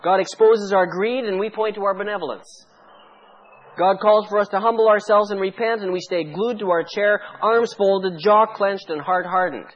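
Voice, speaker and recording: A pastor preaching a sermon with fervent, pleading intensity, firing off rhetorical questions at the congregation. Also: male voice, high voice, steady tone, normal speed, lo-fi sound.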